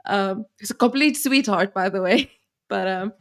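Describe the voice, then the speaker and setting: A woman's voice: mid-range voice, moderate pace. A woman co-hosting a live stream, giggly and full of fillers in casual chat. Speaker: co-host.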